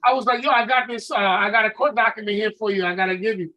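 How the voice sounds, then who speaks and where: A man telling a profane, animated story in a casual podcast chat, acting out the dialogue. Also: high-pitched, quick pace, lo-fi sound.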